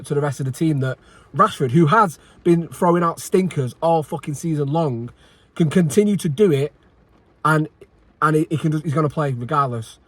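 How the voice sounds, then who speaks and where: A man's voice: fairly high pitch, normal speed, dry recording. A man giving an angry post-match reaction, frustrated and sweary, repeating himself and sighing. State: agitated. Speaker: football fan channel host.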